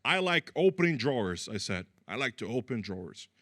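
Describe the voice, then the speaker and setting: A man's voice: mid-range voice, very animated, fairly quick, a bit bright, no room sound. A man from Brazil doing a chatty, self-deprecating stand-up comedy set, acting out the people in his stories. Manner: chatty, self-deprecating, acts out quoted voices.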